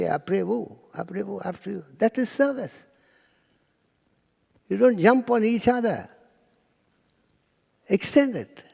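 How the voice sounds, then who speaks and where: A man's voice: high-pitched, creaky, darkish tone, in a large hall. A man giving a spiritual talk to an audience, telling stories and acting out quotes, sometimes dropping to a near-whisper. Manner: storytelling lecturer, acts out quotes, drops to near-whisper. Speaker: spiritual speaker. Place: lecture hall with audience.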